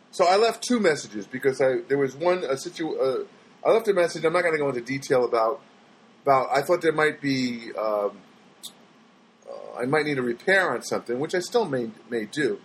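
A man's voice: medium pitch, lively intonation, moderate pace, husky, rough recording. A man telling everyday stories to his viewers in a rambling, exasperated way, with frequent restarts, and mimicking other people in his quotes. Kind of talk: casual storytelling monologue.

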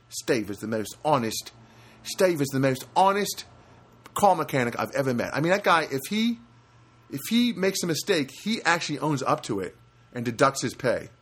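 A podcast host with a husky, mid-range voice records from his studio apartment. He tells a rambling story casually, restarting often and slipping into animated voices when quoting people.

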